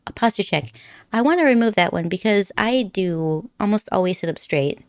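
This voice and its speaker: A woman's voice: mid-range voice, expressive, moderate pace, no room sound. Young woman, giggly, rambling, slightly nervous, close dry desk mic, casual stream chat. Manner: giggly, chatty, rambling, puts on silly accents. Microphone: desk microphone.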